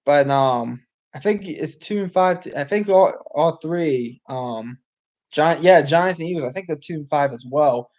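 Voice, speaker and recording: A man hosts casual live sports talk in a fairly high, slightly mellow voice at a measured pace, and the audio sounds dull. He rambles, restarts often, drops plenty of ums, and reacts to the game as it happens. His voice is wearing out.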